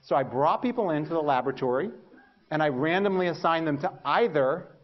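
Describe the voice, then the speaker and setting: A male lecturer with a fairly high voice tells anecdotes about his early research in an animated style, mocking himself and acting out what he used to think. The recording sounds a little muffled. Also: brisk. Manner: animated storytelling, acts out his past thoughts; self-mocking humor. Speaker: university lecturer.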